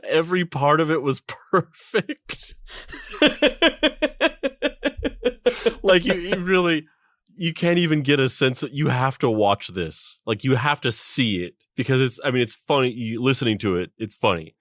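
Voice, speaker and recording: Excitable podcast co-host man, dry sound. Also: mid-range voice, measured pace, pauses often, no echo. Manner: excitable, laughing, rambling with restarts. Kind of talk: casual chat.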